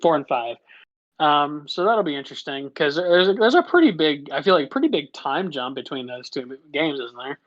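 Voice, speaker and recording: A podcast co-host who chats casually, agrees readily and laughs often, stumbling over words and starting sentences again. The voice sits at a middle pitch. The recording is dry and a little dull. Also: animated, normal speed, no echo. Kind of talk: casual chat.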